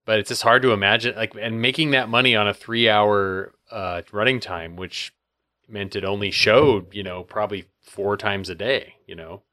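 A man co-hosting a podcast, chatting casually about old films and tossing in quick asides. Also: lowish voice, steady tone, bright, forceful tone, no echo, clean studio sound. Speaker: podcast co-host. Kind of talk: casual film discussion.

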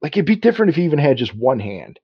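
A man's voice: fairly high pitch, big pitch swings, rapid-fire, slightly rough, no room sound, dull audio. A man co-hosting a casual film discussion, rambling and restarting sentences and acting out bits of dialogue. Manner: rambling, self-interrupting, acts out quotes. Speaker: podcast co-host.

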